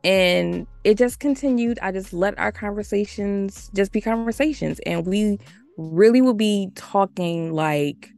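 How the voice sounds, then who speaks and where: A woman from the United States telling a story as a podcast guest, chatty and animated, full of "like" and laughter. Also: medium pitch, a little slow, gravelly, faint music behind. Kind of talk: casual storytelling.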